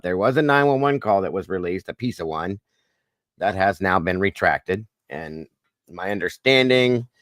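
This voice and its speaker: A man's voice: deep voice, no echo, studio quality. A man hosting a casual livestream chat, goofy and corny, greeting viewers by name. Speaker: livestream host.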